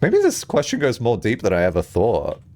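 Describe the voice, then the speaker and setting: A man's voice: lowish voice, wildly swooping pitch, normal speed, a little mellow. A young adult man streaming a video game, rambling through comedic tangents and laughing often. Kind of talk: casual live-stream commentary.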